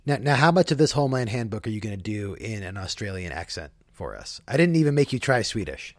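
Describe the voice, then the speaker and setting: A man's voice: on the low side, big pitch swings, fast talker. A man co-hosting a podcast, playful and wry in casual chat. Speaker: podcast co-host.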